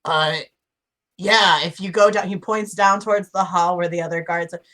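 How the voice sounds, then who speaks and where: A woman playing a tabletop game, playful and flattering in character. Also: lowish voice, normal speed. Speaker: player. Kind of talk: tabletop game chat and role-play.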